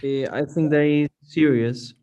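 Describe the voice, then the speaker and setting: A man's voice: on the high side, fairly even intonation, measured pace, mellow, clean tone. A man, a student giving short, tentative answers in a lesson. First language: Spanish. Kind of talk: casual lesson chat.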